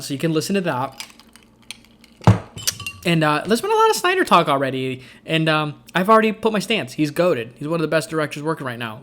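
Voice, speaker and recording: Rambling young man, slightly high voice. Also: fairly bright tone. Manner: rambling, many fillers, enthusiastic. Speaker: film vlogger. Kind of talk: casual movie ranking talk.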